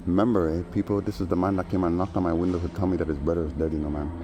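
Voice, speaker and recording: A man's voice: deep voice, little pitch movement, very fast, background noise. A man vlogger telling a story in a casual, rambling monologue full of slang and frequent asides. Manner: rambling, street slang, frequent "you know".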